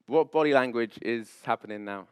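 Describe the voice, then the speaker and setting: A man, a public speaking coach, leading a live seminar on stage with high energy, playful banter and frequent laughs. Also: brisk, clear, resonant tone, dry recording. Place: event stage before an audience.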